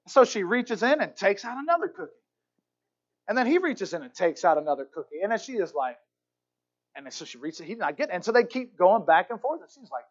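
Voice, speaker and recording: Animated storytelling male pastor, lo-fi. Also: very high-pitched, quick pace. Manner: storytelling, animated, acts out characters. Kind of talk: sermon.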